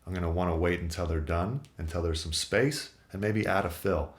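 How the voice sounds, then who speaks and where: A man's voice: sits low, brisk. A male guitar teacher explaining music theory in a video lesson, methodical and explanatory, with occasional fillers. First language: English.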